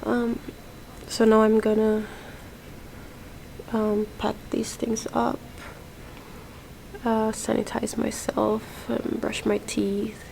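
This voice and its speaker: Slow, gravelly-voiced woman vlogging. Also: a little high, completely flat delivery, darkish tone, a little hiss or hum, poor audio. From Jamaica. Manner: chatty, with many fillers like "like" and "um". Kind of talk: casual vlog to camera. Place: airport terminal, indoors.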